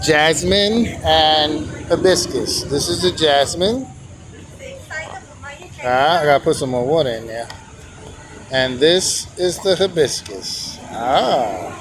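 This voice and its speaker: A man's voice: on the high side, lively intonation, takes it slowly, background noise. A man teaching on camera in a casual, easygoing, informal way. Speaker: calligraphy teacher.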